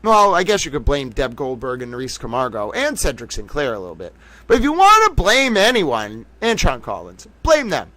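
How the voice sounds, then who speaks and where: A man's voice: medium pitch, moderate pace, dry recording. A man hosting a casual livestream, joking around and talking to chat viewers by name. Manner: animated, jokey, calls himself a little towel. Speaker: livestream host.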